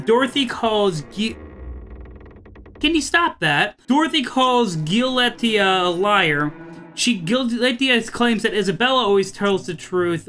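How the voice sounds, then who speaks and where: A man commentating a horror game let's play, chatty, thinking out loud and often breaking off his own sentences. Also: high-pitched. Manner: thinks aloud, chatty and self-interrupting.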